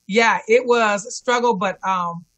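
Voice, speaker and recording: A woman speaks earnestly over a remote call, with a bright, forceful voice. She tells her story as an interview guest and keeps repeating encouraging words to herself. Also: mid-range voice, unhurried. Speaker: guest, cancer survivor and fitness instructor. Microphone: remote call connection.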